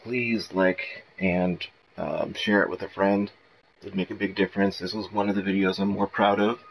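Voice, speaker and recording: A man's voice: low voice, flat delivery, moderate pace, gravelly, slight background noise, low-quality recording. A man hosting a gaming video, rambling casually and self-mockingly with plenty of swearing. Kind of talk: casual gameplay commentary.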